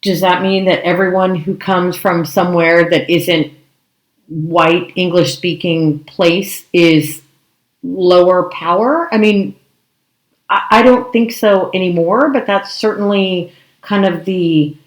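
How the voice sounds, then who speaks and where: A woman co-hosting an improv podcast, talking in a measured, thoughtful way and often checking in with "right?". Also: on the low side. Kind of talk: casual discussion. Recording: echoey room.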